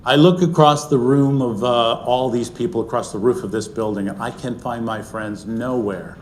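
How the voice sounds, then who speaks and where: A middle-aged man recounts a personal story before a live audience in an earnest, unhurried way. His voice sits at an ordinary pitch and often drops to a soft, hushed level. A faint low rumble hums behind him. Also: steady tone. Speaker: speaker sharing a personal story.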